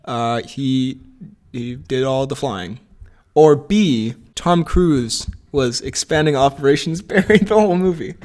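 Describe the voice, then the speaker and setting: A man's voice: mid-range voice, measured pace, darkish tone. A young man co-hosting a casual movie podcast, rambling, laughing often and losing his train of thought. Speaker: podcast co-host.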